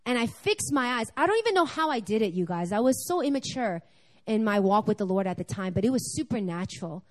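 A woman speaking at a church service, telling a personal testimony in an animated, storytelling way. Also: a little high, a little fast. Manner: animated storytelling, acting out dialogue.

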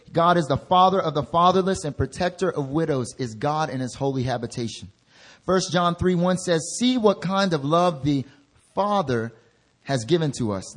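Intern pastor preaching with loud, rising exhortation. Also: male voice. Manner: swings from soft, low asides to loud, rising exhortation. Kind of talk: sermon.

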